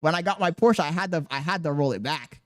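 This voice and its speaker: A young man hosting a podcast, telling a profane story in a casual, animated way. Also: a little high, fast, crowd noise. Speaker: podcast host.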